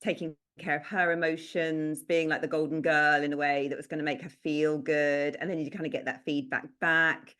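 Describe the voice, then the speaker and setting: A woman guest speaking in a thoughtful, gentle way, often searching for her words. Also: deep voice, level tone, normal speed, few pauses, clear, resonant tone. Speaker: guest therapist. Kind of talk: reflective conversation.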